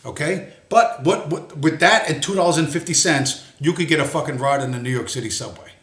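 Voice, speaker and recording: A man's voice: fairly high pitch, a little fast, fairly bright tone. A man hosting a livestream, giving an angry, profane monologue and swearing bluntly throughout. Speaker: livestream host. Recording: roomy echo.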